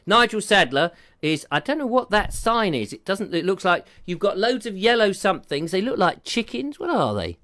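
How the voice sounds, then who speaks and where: Chatty male host reading viewer comments, self-mocking and jokey, voice a touch high for a man. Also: big pitch swings, normal speed, few pauses, a bit bright. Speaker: live stream host. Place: home room with a fire.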